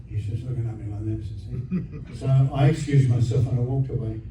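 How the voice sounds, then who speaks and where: A man's voice: medium pitch, a little fast, warm tone. An older Australian man telling a story as a guest actor at a fan convention. He is chatty and restarts often. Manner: chatty storyteller with frequent restarts, acting out other people's lines. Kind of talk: anecdotal Q&A storytelling. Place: convention hall. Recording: very echoey hall from far off, dull and noisy.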